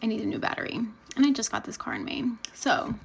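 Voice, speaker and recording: A woman's voice: fairly high pitch, big pitch swings, quick pace, vocal fry, slightly rough, rough recording. A woman vlogger chatting candidly and bluntly as she tells a personal story, laughing now and then. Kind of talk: casual storytelling to camera.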